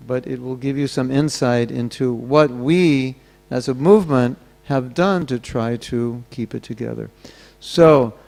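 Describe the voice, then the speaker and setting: A man with a creaky, darkish, mid-range voice gives a sermon at a temple gathering. As he tells stories, he imitates the voices of the people involved.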